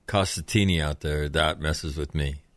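Very deep-voiced man quizzing on a podcast. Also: fairly even intonation. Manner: quizzing and teasing, in a measured way. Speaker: podcast host. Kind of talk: casual chat.

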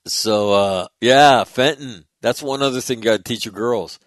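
A middle-aged man hosting a show, telling a story in a blunt, casual way with some swearing and lively retelling of conversations. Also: medium pitch, moderate pace, hardly any pauses, dry recording, clean studio sound. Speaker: show host.

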